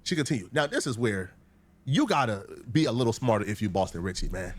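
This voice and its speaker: A man's voice: on the low side, very animated, quick pace. A man hosting a commentary video, talking in a mocking, theatrical way. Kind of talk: scripted commentary.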